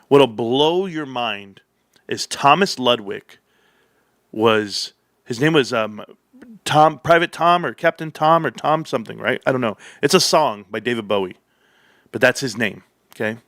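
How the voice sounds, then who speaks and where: A man hosting a livestream, telling a long story in a rambling, animated way, with profanity, restarts and side remarks. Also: mid-range voice, dry recording, clean studio sound. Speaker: livestream host.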